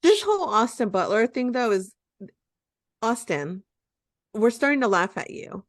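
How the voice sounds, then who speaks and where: A woman's voice: a little high, sing-song, unhurried, no room sound, studio quality. A woman co-hosting a podcast in casual chat, blunt and emphatic, swearing freely. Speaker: podcast co-host.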